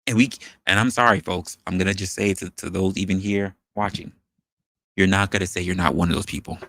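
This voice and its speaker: A man hosting an opinion show, talking in an animated, rhetorical way and posing questions to his audience. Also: low voice, fairly quick, no echo, studio quality. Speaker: podcast host. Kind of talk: opinion commentary monologue.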